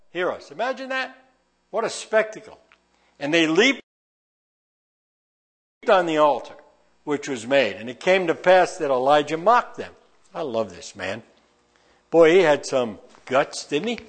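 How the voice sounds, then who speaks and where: Lively man reading and explaining scripture. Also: on the high side. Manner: reads scripture then breaks in with folksy asides. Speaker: Bible teacher. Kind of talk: verse-by-verse Bible reading with commentary.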